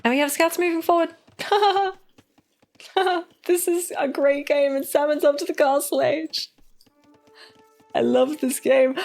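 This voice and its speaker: A woman's voice: high voice, steady tone, a little slow, gravelly, long pauses, darkish tone, soft background music. Playful woman casting a game. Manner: playful, teasing, giggly. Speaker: game caster and streamer. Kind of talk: live game commentary.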